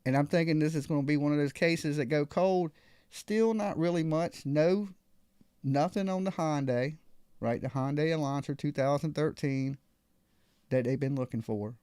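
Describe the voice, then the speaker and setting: A man's voice: fairly high pitch, moderate pace, mellow, smooth, no echo, studio quality. A man hosting a live call-in show, telling a story casually and acting out other people's lines.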